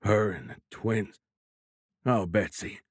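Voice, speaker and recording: A man voicing a middle-aged government director, gruff and urgent over a phone line, at times choked with grief. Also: mid-range voice, moderate pace, no echo, clean studio sound, voice pushed up, natural voice.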